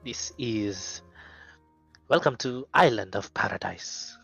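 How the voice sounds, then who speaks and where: A man voicing an ancient watcher owl of a mysterious island, speaking slowly and gravely. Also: fairly low pitch, animated, fairly bright tone, lo-fi sound, faint music behind, voice pushed down, exaggerated voice.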